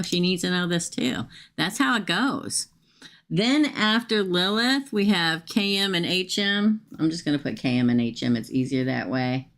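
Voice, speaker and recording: A woman's voice: sits low, fairly bright tone. A woman reads tarot cards live for her viewers. She talks in a loose, chatty way, muttering to herself as she pulls cards and calling out names in the queue. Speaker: tarot reader. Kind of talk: live-stream tarot reading.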